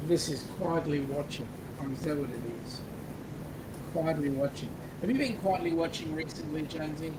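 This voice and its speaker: An Australian man co-hosts a casual live chat, reading out viewers' comments and joking along. His voice sits fairly high for a man. A clear noise floor runs under the whole stream. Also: normal speed. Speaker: co-host.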